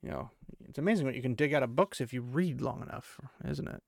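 A man's voice: medium pitch, fast talker, creaky, no echo, clean studio sound. A man hosting a casual book recap podcast. He retells chapters with chatty, joking asides. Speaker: podcast host.

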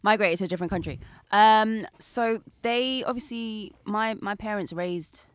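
A woman's voice: medium pitch, moderate pace, no room sound. Young woman, loose slangy podcast guest, swears a lot, dry close sound. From Philippines. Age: young adult. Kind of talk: casual chat.

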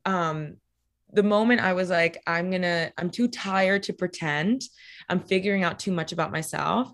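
A young adult woman shares personal stories as a guest in a casual conversation. Her voice sits slightly low for a woman. She speaks candidly with many "like" fillers and frequent swearing, and she acts out what people said.

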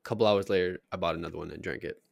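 Man, twenties, lowish voice, laid-back banter, teasing. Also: steady tone, racing, gravelly, crowd noise. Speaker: podcast co-host. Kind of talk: casual chat.

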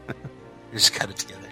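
A man in a casual chat who talks bluntly and swears freely. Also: bright, forceful tone.

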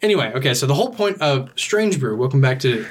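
A man's voice: mid-range voice, big pitch swings, quick pace, a little hiss or hum. A man co-hosting a podcast, recapping a movie in a rambling way with lots of hesitations and frequent laughs. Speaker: podcast co-host. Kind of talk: casual movie recap chat.

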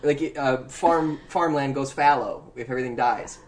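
A woman's voice: rumbling low, moderate pace, a loud crowd. A woman co-hosting a podcast in casual chat, playful and teasing, arguing with mock outrage. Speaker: podcast co-host.

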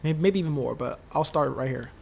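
A man's voice: fairly high pitch, a little fast, gravelly, a little mellow. A man talking casually about his football team, heated and profane, rambling with lots of fillers and repeated words. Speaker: sports fan commentator. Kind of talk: casual solo sports talk.

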